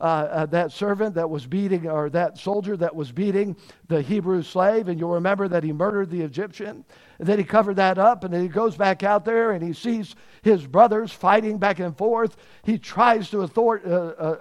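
High-voiced man preaching with emphasis. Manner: emphatic, repeats and asks rhetorical questions. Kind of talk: sermon.

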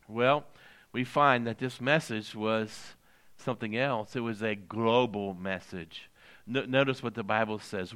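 Bright, clear-voiced preaching man. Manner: preaching with swings from loud emphatic lines to low quiet ones; slows down to stress scripture quotes. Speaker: pastor. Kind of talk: sermon.

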